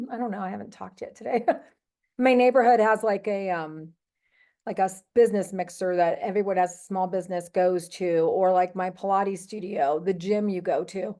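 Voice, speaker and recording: A woman with a mellow, warm voice speaks up on a video call to share her ideas. She talks casually and hesitantly, with lots of fillers, and she clears her throat now and then. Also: mid-range voice, steady tone, normal speed. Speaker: travel agent on the team. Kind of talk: casual chat.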